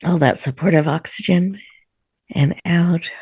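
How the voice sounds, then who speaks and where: A woman's voice: on the low side, slightly rough, dry recording, clean studio sound. Soothing woman guiding a meditation. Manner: soft, slow, soothing guidance. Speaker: host. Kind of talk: guided breathing meditation. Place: virtual room, video call. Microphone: video call.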